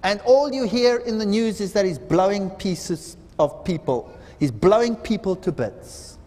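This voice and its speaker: Male seminar preacher, high lively voice, dramatic parable-teller; long hall reverb. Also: unhurried. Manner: dramatic storytelling, acts out quoted voices. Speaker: seminar speaker. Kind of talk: sermon. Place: large hall.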